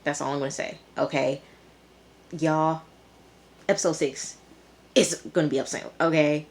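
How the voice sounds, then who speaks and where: A woman's voice: sits low, steady tone, normal speed, a little hiss or hum. A woman giving a casual recap of a TV episode, exclaiming and talking straight to her viewers. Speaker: TV episode reviewer.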